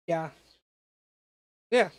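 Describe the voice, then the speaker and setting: A woman co-hosting a sports podcast, agreeing and chiming in with quick jokes. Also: no echo. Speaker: podcast co-host. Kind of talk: casual sports chat.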